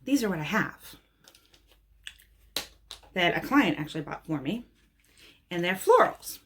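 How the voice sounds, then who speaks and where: A woman's voice: fairly low pitch, very animated, unhurried, a bit bright, a little hiss or hum. A woman nail technician chatting casually and bluntly while showing nail art supplies she bought. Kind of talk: casual product haul talk.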